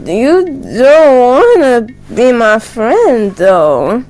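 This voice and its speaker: A woman's voice: a little high, sing-song, very slow, darkish tone, soft background music, exaggerated voice. A woman acting out a drunk young woman in a dating game, slurring and petulant. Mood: whiny.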